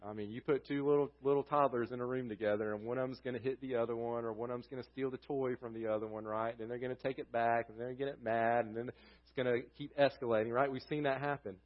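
A man preaching a sermon as pastor, earnest, his voice dropping low and quiet at the ends of phrases. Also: steady tone, fast, lo-fi sound.

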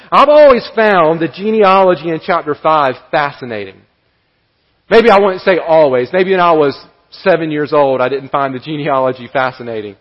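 Man, pastor, earnest sermon, fairly high voice, reverberant sanctuary. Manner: earnest preaching with repetition and rising emphasis. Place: church sanctuary. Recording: dull sound with long hall reverb.

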